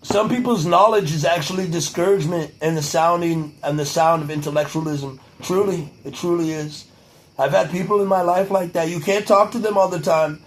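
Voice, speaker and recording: A man's voice: a little high, fairly even intonation, normal speed, close to an everyday voice, poor audio. A man doing a comedic impression of a boastful older male public figure, giving a rambling, profane pep talk with a hint of a Boston accent.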